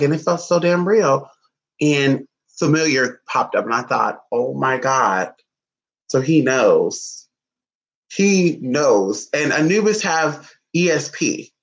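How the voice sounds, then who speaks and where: A man in casual vlog talk, playful and sassy, cooing baby talk at his dog between remarks to viewers. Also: fairly high pitch. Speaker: vlogger. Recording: dull lo-fi sound.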